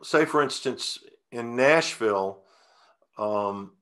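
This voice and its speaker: A man telling stories in a relaxed interview, folksy and rambling, with many restarts and fillers. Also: mid-range voice, slow. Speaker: guest singer-songwriter. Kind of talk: casual interview storytelling.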